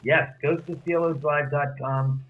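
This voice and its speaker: A man's voice: on the high side, fairly even intonation, measured pace. A man, a guest author, animatedly telling a story and acting out the other person's lines. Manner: acts out quoted dialogue. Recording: tinny phone-line audio.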